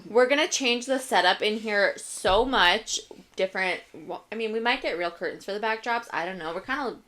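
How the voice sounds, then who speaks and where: A chatty woman in her thirties, co-hosting a podcast from a small home studio. Her voice is bright and forward. She tells long, rambling stories at a middle pitch. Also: a little fast. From Upper Peninsula of Michigan. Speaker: podcast co-host. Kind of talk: casual chat.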